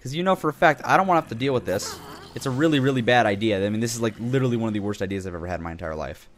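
A young man chatting his way through a video game, loose and jokey. He rambles, backtracks and corrects himself as he talks, at a mid-range pitch. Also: expressive, rapid-fire, slight background noise. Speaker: gaming channel host. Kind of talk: casual game commentary.

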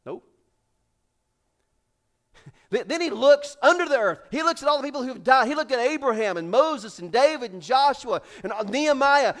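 High-voiced preacher, dramatic swings. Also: male voice, animated, normal speed. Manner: preaches with rising, shouted dramatic build-ups and hushed drops; acts out characters in raised voices. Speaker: pastor. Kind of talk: sermon. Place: church sanctuary.

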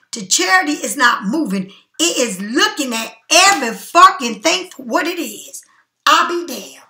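A woman reading tarot cards in a high, bright voice, blunt and swearing freely as she preaches at the listener. She speaks in an echoey room. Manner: blunt, profane, preachy and emphatic. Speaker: tarot card reader. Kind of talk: casual tarot reading monologue.

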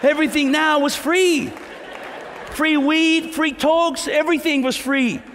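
A middle-aged man, preaching a lively sermon testimony as a pastor and acting out the voices in his story. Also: very high-pitched, unhurried, a faint crowd, a little hiss or hum. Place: large church hall. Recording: reverberant church hall.

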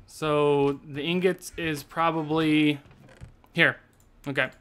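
Excitable high-voiced young man gaming. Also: takes it slowly, clear, resonant tone. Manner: excitable, laughs often, trails off mid-thought. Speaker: host. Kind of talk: casual gaming commentary.

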